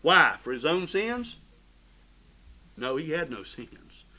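Fervent preacher with a bright voice. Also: male voice, a little high, sing-song, takes it slowly, poor audio. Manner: fervent preaching with sudden swells and drops in volume. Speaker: pastor. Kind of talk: sermon.

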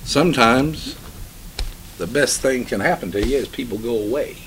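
A man preaching a sermon, reading scripture slowly and solemnly, then explaining it with emphatic swells in his voice. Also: mid-range voice, animated, noisy background.

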